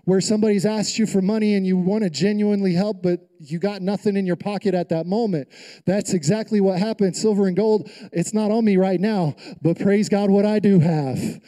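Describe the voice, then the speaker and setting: A pastor preaching a sermon, calling out to the congregation and building to emphatic peaks. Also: male voice, high voice, steady tone, a little fast, mellow, poor audio. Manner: preacherly call-and-response, rising to emphatic peaks.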